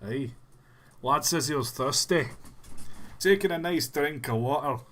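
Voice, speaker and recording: A man's voice: fairly high pitch, unhurried, fairly bright tone. A man putting on an exaggerated Scottish accent, playing a hearty local. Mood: jolly. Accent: put-on Scottish.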